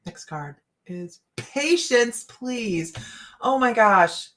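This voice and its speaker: A woman's voice: on the high side, expressive, very slow, fairly bright tone. A middle-aged woman reading cards on a casual live chat, rambling and laughing often. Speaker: psychic card reader.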